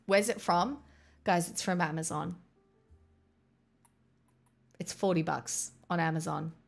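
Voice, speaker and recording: A woman's voice: lowish voice, slow, creaky. A young woman chatting casually on a live stream, rambling and swearing with exasperated asides. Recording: faint music behind.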